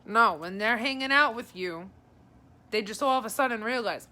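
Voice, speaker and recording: A woman's voice: a little high, expressive, moderate pace, pushed and bright. A woman giving a casual live psychic reading, chatting to viewers by name and passing on messages in a friendly, rambling way. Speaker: psychic advisor.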